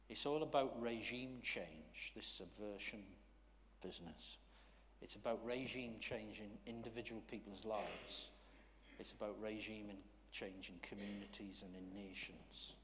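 A man preaching a sermon in a church, talking conversationally, checking in with the congregation and swinging from loud emphasis to hushed asides. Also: fairly low pitch, unhurried, in a large hall, a little hiss or hum.

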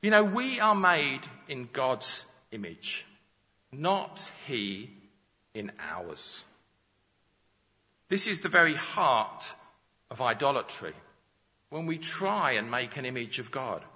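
Lively bright male preacher in a hall. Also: a little high, takes it slowly. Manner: teaching, explains with examples and rhetorical questions. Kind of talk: sermon. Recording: dull sound with long reverb in a large hall.

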